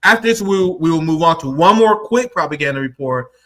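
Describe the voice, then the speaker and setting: A man's voice: on the high side, expressive, brisk, fairly bright tone. A man hosting a political commentary stream, talking casually with profanity and acting out quotes in mock voices.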